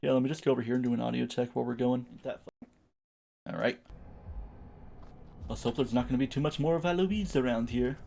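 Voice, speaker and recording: A man's voice: mid-range voice, very fast, gravelly, hardly any pauses, mellow, slight background noise. A young man streaming a game, giving playful, chatty commentary with silly sound words. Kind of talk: gameplay commentary.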